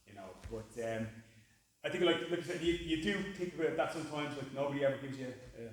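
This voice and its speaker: A man's voice: medium pitch, fairly even intonation, fast. A man in his forties, a jiu-jitsu coach giving a casual, joking, rambling speech at a belt ceremony, full of fillers. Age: 40s. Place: martial arts gym, large room. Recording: echoey gym from far off.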